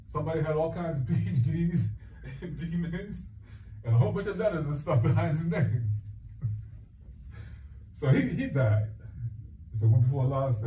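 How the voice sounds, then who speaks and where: A man's voice: a little high, lively intonation, moderate pace, pauses often, mellow, a little hiss or hum. A man who works as a counselor gives a conversational religious talk. He tells stories and acts out the dialogue in them. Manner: storytelling, acts out dialogue in quotes. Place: mosque hall. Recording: echoey hall, far from mic, tinny phone-like sound.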